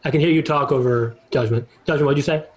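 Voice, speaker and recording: A man's voice: fairly high pitch, fast talker, poor audio. Easygoing man running a tabletop game. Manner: easygoing, laughs often. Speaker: game master.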